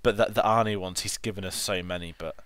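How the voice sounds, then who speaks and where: A man co-hosting a casual film review, talking in a relaxed, rambling way with lots of "like" and "kind of". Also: low-pitched, fast, smooth, no room sound.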